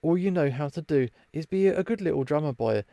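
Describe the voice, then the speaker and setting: A man's voice: fairly high pitch, expressive, fairly quick, mellow, no echo. A man doing a blunt, mocking reindeer sister. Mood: harsh. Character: blunt, sharp-tongued female reindeer sister.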